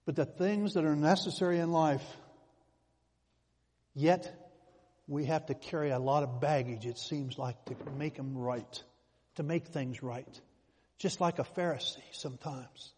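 A man preaching in a slightly high, husky voice that rises into emphatic swells as he tells his stories. The sound rings with the long reverb of a church hall. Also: measured pace, pauses often, darkish tone. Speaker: pastor. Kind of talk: sermon.

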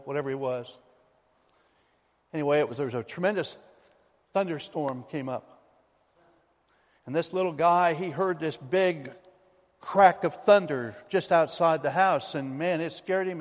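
A male pastor preaching a sermon to his congregation in an emphatic, folksy storytelling manner. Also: on the high side. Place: church sanctuary. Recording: long reverb of a church hall.

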